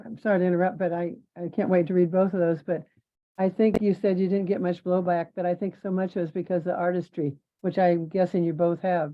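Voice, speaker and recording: An eager woman speaks up on a video call with praise. Her voice sits a little low, and the audio sounds dull and lo-fi. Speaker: audience member. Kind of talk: casual discussion on a video call.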